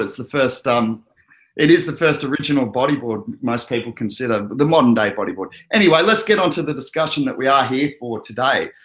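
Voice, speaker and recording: A man's voice: medium pitch, a bit bright. An Australian man hosting an online show in easygoing, rambling casual chat, with frequent fillers and restarts. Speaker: host.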